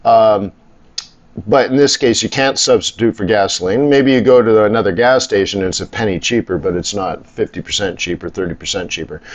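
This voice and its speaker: A middle-aged man hosting a live trading stream. He talks in a rambling, blunt, casual way, grumbles and swears now and then. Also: lowish voice. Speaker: live stream host, forex trader. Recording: slightly dull lo-fi audio.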